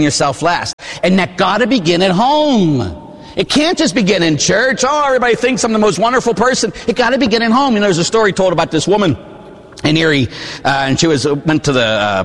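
A priest in his forties from Pittsburgh, preaching a sermon with animated storytelling and asides to the congregation. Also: a little high, in a large hall. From Pittsburgh, USA. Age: 40s. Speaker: Catholic priest. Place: church.

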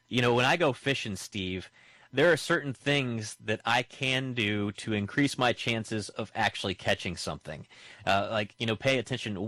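A man's voice: mid-range voice, a bit bright, no room sound. A man hosting an easygoing conversation, chatting and asking his guest questions. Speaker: host. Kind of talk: casual conversation.

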